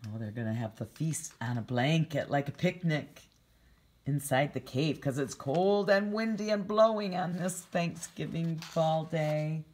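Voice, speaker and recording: Her voice sits low and she moves a little slowly. She's a preschool teacher reading a picture book to young children, gently explaining words and asking them questions.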